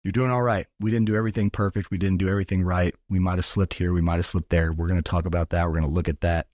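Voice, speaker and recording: Low deep guy on a podcast, earnest pep talk with lots of swearing, dry close mic. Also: little pitch movement, very fast, darkish tone, no room sound. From Texas. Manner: earnest, profane, motivational. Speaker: podcast guest.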